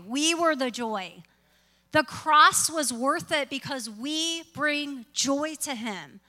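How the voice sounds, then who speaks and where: Woman pastor, bright higher voice, earnest sermon delivery with long reverb. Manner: earnest, slow emphatic phrasing with storytelling. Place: church.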